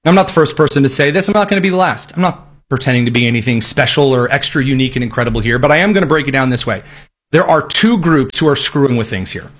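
Husky sarcastic male commentator. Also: medium pitch, animated, fast, a bit bright. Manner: sarcastic, emphatic rants. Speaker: political commentator. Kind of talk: opinionated commentary.

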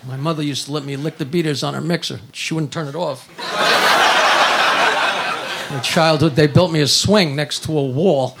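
A man doing stand-up comedy, firing off crude rapid one-liners and shouting the punchlines. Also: fairly high pitch, fairly even intonation, gravelly. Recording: very noisy live recording.

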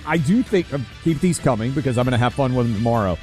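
A man's voice: mid-range voice, animated, fast, darkish tone, soft background music. A male radio co-host in casual talk-radio banter, teasing and chatty, with lots of fillers.

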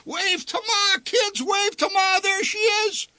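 A man voicing an excitable, blustering middle-aged father who talks in loud, boisterous outbursts. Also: fairly high pitch, moderate pace, husky, no echo, heavily acted. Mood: frantic glee.

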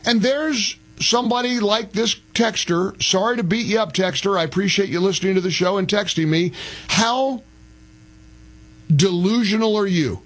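A high-pitched man hosting a combative call-in radio show. He is brash and mocking, and he talks over the people he argues with. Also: moderate pace, poor audio. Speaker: radio talk show host.

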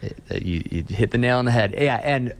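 A man's voice: medium pitch, animated, normal speed. A pastor talking earnestly in a casual interview, often repeating words as he restarts a thought. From Austin, Texas.

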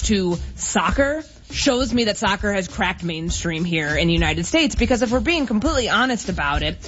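A woman co-hosting a casual sports talk radio show, measured and thoughtful. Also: fairly low pitch, fairly bright tone, slight background noise. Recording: dull lo-fi broadcast audio.

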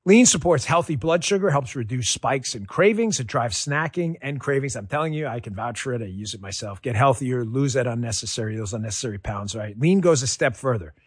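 A man doing a live sponsor read on the radio, energetic and casual. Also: a little fast, hardly any pauses, husky, dry recording, clean studio sound. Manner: pitchy, energetic, casual salesman tone.

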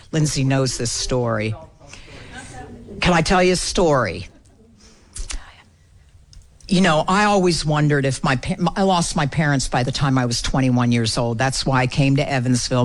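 Female guest speaker, earnest, spins a story with dialogue. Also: sits low. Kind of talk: storytelling talk.

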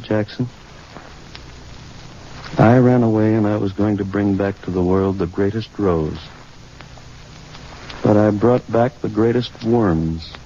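A man acts out a haunted, guilt-ridden scientist in an old radio drama, speaking slowly and tensely. The recording is dull and muffled, with a steady hiss underneath. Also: lowish voice, close to an everyday voice. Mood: bitter. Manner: tense, breathless, rising to anguished shouting. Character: haunted middle-aged male gardener-scientist, guilt-ridden. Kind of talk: 1950s radio drama acting.

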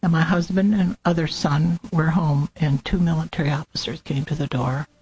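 A woman's voice: low voice, steady tone, normal speed, a little mellow, low-quality recording. An older woman being interviewed, telling a personal memory in a plain, earnest way. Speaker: interviewed mother of a fallen soldier. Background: faint music.

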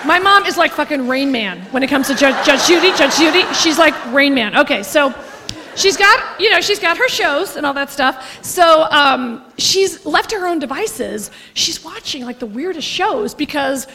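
A woman performing stand-up comedy, brash and fast-talking, swearing freely. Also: sits high, expressive. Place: large venue before a loud audience. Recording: live hall with loud crowd noise.

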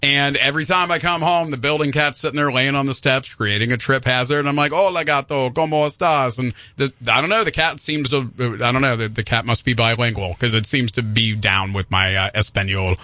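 A male radio host chatting casually in the studio, self-deprecating and quick to laugh, often stammering and restarting. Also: mid-range voice, fairly even intonation, bright, forceful tone, dry recording. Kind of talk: casual morning radio banter. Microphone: studio mic.

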